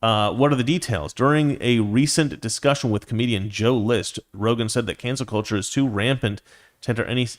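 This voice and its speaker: A medium-pitched man speaks fairly quickly on his own show, ranting with indignation in a political commentary monologue.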